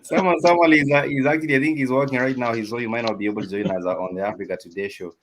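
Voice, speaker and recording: A man co-hosting a live online talk show, speaking haltingly with many restarts and fillers. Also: mid-range voice, fairly even intonation, poor audio. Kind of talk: casual chat. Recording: crowd noise behind.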